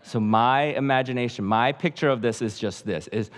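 Lively man telling a sermon story. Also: medium pitch, moderate pace. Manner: animated storyteller, acting out voices and trailing to a hush. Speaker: guest pastor. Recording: long reverb of a large hall.

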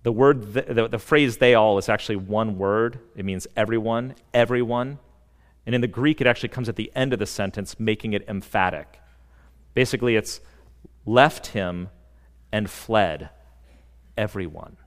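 Man preaching in a reverberant church. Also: on the low side. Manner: earnest, emphatic preaching with dramatic pauses. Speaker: pastor. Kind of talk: sermon. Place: church sanctuary.

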